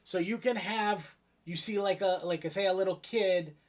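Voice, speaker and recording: A chatty woman talks through a horror game she just played with her co-host. She keeps breaking into little acted-out scares, a yell here and a hushed whisper there, and her voice sits right at an ordinary middle pitch. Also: normal speed. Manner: chatty, acts out scares with sudden yells and whispers. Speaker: co-host of a gaming channel. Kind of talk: casual chat reviewing a horror game.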